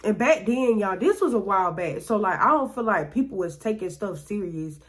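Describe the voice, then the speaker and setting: A woman's voice: medium pitch, lively intonation, normal speed. A woman vlogger telling a story in a rambling, profane, filler-heavy way. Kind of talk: casual storytelling.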